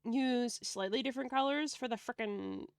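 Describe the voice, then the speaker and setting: A playful woman streamer chats casually as she draws and laughs often. Her voice sits a little high, with a gravelly fry running through it. The sound is dry and close, with no room around it. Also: no room sound. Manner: playful, laughs often, quick joking banter. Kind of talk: casual chat while drawing on stream.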